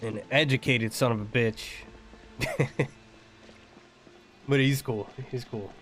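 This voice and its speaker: A man's voice: medium pitch, fairly even intonation, slow, fairly bright tone, slight background noise. American man chatting while he games. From United States. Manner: rambling, laughs often. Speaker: streamer. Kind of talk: casual chat while gaming.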